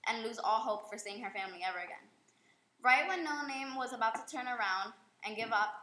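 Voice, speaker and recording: A woman's voice: a little high, bright, forceful tone. A teenage girl telling her own short story in a plain, earnest way. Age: teens. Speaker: young storyteller. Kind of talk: reading a story aloud. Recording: echoey room with faint noise.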